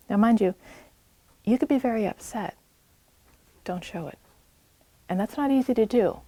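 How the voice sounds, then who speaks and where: Woman presenter, New England accent, mellow low voice, earnest advice to an audience, dry sound. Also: dry recording. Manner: earnest, reassuring, gives direct advice. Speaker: community health presenter. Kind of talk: public talk to an audience. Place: public library meeting room.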